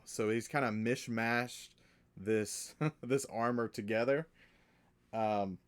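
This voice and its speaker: Slow-talking game master man. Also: medium pitch. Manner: slow, halting description. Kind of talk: narrating a tabletop game.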